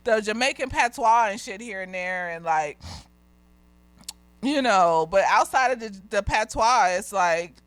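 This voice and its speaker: A woman's voice: mid-range voice, expressive, unhurried, a bit bright, no echo. A woman therapist giving a casual, candid episode review, swearing freely and laughing often. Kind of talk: casual tipsy review chat.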